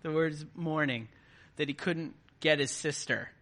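A man's voice: a little high, measured pace, a bit bright. A man preaching a conversational sermon to a live congregation, often checking in with his listeners. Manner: conversational, keeps checking in with the audience.

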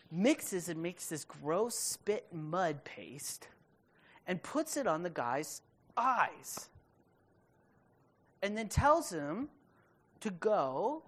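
A woman preaching a sermon, retelling a story in a casual, conversational way with quick asides to the listeners. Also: on the low side, fairly bright tone, husky.

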